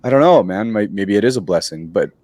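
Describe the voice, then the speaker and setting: Podcast host: man with a very low voice, supportive, casual, on a dry close mic. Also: expressive, quick pace, darkish tone, dry recording. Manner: supportive, conversational, with many fillers. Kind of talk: casual interview chat.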